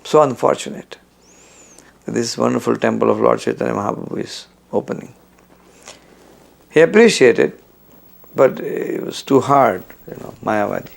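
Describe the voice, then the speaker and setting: Guy with a gravelly voice telling stories, gets louder when he quotes his teacher, mid pitch. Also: expressive, moderate pace, long pauses. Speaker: devotee recalling memories. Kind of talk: storytelling reminiscence.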